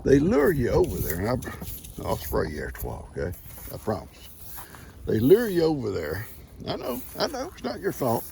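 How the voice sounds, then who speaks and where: An older man, a gravelly voice and a lively, swinging pitch. He speaks outdoors on a farm, talking to his animals, scolding them fondly and calling out loudly to them in a high voice. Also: moderate pace, a little hiss or hum. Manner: fond scolding of livestock, loud high calls. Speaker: farmer.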